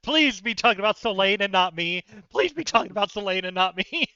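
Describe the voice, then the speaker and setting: A woman's voice: medium pitch, lively intonation, sharp tone. A woman playing a tabletop game, joking around and laughing easily, on a dull lo-fi mic. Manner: playful, joking, quick to laugh. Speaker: player. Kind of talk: casual tabletop game play.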